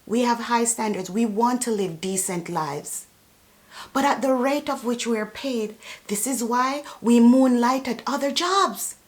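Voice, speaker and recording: Slow, indignant woman ranting to camera. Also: on the high side. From immigrant to Canada. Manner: indignant, emphatic, repeats for emphasis. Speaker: personal support worker. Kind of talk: impassioned political rant to camera.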